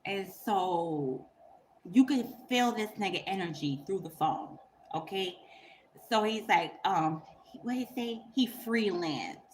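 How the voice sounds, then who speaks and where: A woman's voice: medium pitch, animated, takes it slowly, a little hiss or hum. A woman on her own channel, telling a story in casual, profane, emphatic talk and laughing through it. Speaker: YouTuber.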